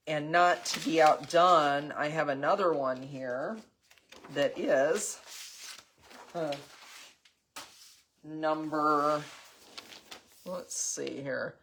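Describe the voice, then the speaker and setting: An older woman with a low, somewhat bright voice hosts a casual live craft demo over a little hiss or hum. She's chatty and rambling, with frequent ums and the odd cough, answering viewer comments as she goes.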